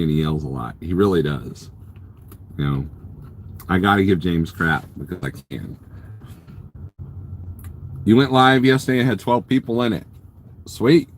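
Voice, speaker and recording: A man's voice: fairly low pitch, expressive, a little slow, pauses often. A man live-streaming from his parked truck at a truck stop, casually rambling, joking and teasing viewers as he reads their comments. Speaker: trucker livestreamer.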